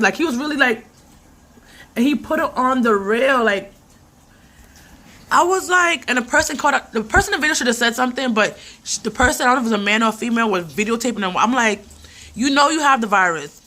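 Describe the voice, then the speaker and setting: A woman, chatting and ranting animatedly in a casual vlog. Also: a little high. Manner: animated, ranting, laughs often. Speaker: vlogger. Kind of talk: casual rambling vlog chat.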